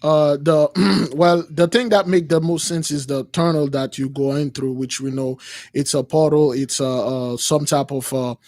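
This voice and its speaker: High-voiced preachy call-in host man. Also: fairly even intonation, a little slow, darkish tone, no echo, studio quality. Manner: preachy, rambling, many fillers. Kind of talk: religious call-in radio talk.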